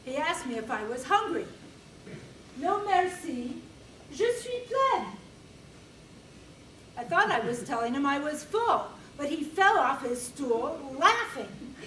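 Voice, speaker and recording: A woman giving a humorous contest speech, telling her story slowly and theatrically and acting out phrases in French. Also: sits high, sing-song, bright, forceful tone, recorded from a distance, a little hiss or hum. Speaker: contest speaker. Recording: roomy hall recorded from afar.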